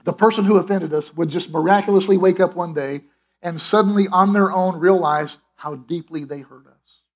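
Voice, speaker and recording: A man's voice: sits high, normal speed. A middle-aged man preaching a sermon in an emphatic, conversational way, with restarts and asides. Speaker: pastor.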